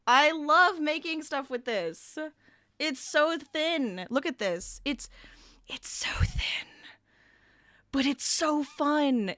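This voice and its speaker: A woman's voice: high voice, a bit bright, no room sound. A woman hosts a casual crafting livestream and chats with her viewers while she works. Her voice is a little scratchy as she recovers from being sick. The sound is dry and close to the mic. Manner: chatty, reads chat aloud, laughs often. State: slightly scratchy voice, recovering from illness. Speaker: streamer.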